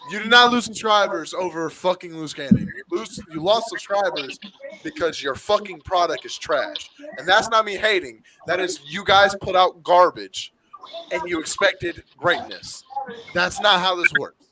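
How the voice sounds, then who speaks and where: Man, high voice, blunt, profane, interrupting, voices chattering behind. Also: normal speed, a crowd in the background, low-quality recording. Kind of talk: heated panel argument.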